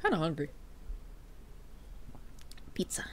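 A woman's voice: takes it slowly, a bit bright, a little hiss or hum. Joking, swearing woman streamer. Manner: jokey, swears a lot, mock-dramatic wailing. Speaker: streamer playing a horror game. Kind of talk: casual game-stream chat.

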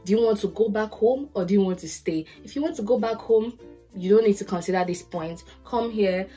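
A woman's voice: mid-range voice, a little fast, dark tone, faint music behind. A woman hosting a podcast, giving direct, list-driven advice about studying abroad and sharing personal anecdotes. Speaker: podcast host. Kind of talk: advice talk to camera. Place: lives in Ontario, Canada.

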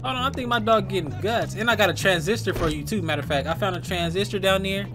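A man's voice: sits high, quick pace. A man giving casual, crude, joking gameplay commentary full of slang. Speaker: gaming youtuber. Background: game music.

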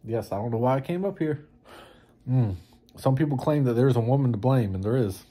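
A man's voice: medium pitch, expressive, fairly quick, mellow. A man chats through his errands in a loose, self-mocking vlog, his voice rising and falling a lot. He talks into a handheld camera while out in town in winter, with faint noise underneath. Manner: rambling, self-mocking, chatty. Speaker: vlogger. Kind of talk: casual vlog chat.

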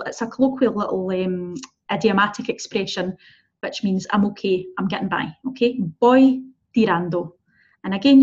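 A woman teaching an online beginners' Spanish lesson, encouraging and patient, checking in often with the learner. Her voice sits at a middle pitch, and the recording is slightly dull and lo-fi. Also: darkish tone, breathy edge. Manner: encouraging, checks in with "okay?" and "right?".

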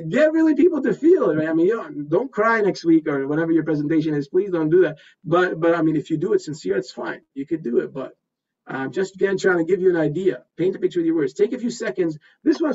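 An energetic man with a fairly high voice coaches a workshop on presentation skills. He repeats himself and keeps checking in with the group. The sound is a bit distant and dull. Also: husky. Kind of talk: workshop teaching. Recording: distant, slightly dull recording.

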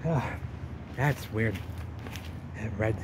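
Rambling excitable man filming outdoors. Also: on the low side, very slow. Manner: excitable, rambling, thinks aloud. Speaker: vlogger exploring ruins. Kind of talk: casual exploring vlog. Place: outdoors by ruins and a river. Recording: noisy outdoor camera audio.

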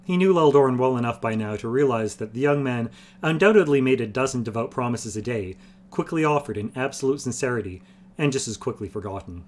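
A man reading a fantasy novel aloud on a stream, in a steady, measured storytelling voice. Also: medium pitch. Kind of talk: audiobook-style narration.

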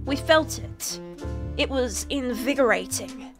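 A woman's voice: high voice, expressive, slow pace, faint music behind. A young woman giving silly, theatrical commentary over a Minecraft video, often stumbling and restarting her words. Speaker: Minecraft YouTuber. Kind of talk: playful gameplay commentary.

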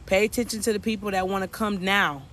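A man's voice: sits high, steady tone, fast, a bit bright, a little hiss or hum. A man working as a spiritual coach, giving a casual, preachy reading to viewers and repeating his points. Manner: preachy, repetitive, addresses viewers as y'all.

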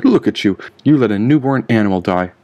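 A man's voice: fairly low pitch, animated, brisk, warm tone, dull audio. A man reading the part of a cruel king who sneers and accuses in an audiobook. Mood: sneering. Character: cruel taunting male king.

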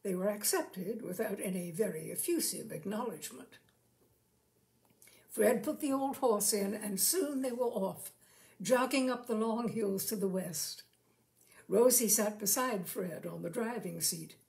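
Woman, storyteller, slow deliberate reading, mid pitch, literary narration. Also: gravelly, darkish tone. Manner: slow, measured delivery, lifting her voice for quoted lines. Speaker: storyteller reading fiction aloud. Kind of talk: unhurried literary reading with acted dialogue.

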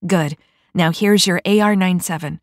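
A woman's voice: fairly low pitch, normal speed, dry recording, clean studio sound, close to an everyday voice. A woman voicing a tough, cocky female mech squad leader who talks in brash, crude banter.

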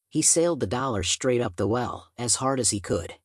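A man narrating a first-person audiobook in a steady storytelling manner. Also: medium pitch, moderate pace, breathy edge, no echo, clean studio sound.

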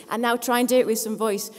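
A woman speech therapist talks a seated audience through posture, breath and sound exercises. She is brisk and encouraging, with a touch of self-deprecating humour. Her fairly high voice rings out in a hall with a long reverb. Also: a little hiss or hum. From England. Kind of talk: live workshop talk leading an audience in voice exercises.

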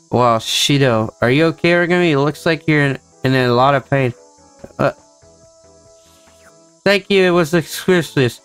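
A man's voice: mid-range voice, clean tone. A young man reading a visual novel's dialogue aloud for the characters, with joking asides of his own. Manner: plays each character in quick shifts of voice, joking asides. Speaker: gameplay narrator.

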